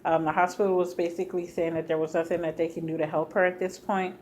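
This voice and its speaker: A woman's voice: on the low side, little pitch movement, fast talker, a little mellow, a little hiss or hum. A woman casually telling a personal story to her viewers, talking to them directly as y'all with lots of fillers. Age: adult with a child. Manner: chatty, addresses viewers as y'all, many fillers.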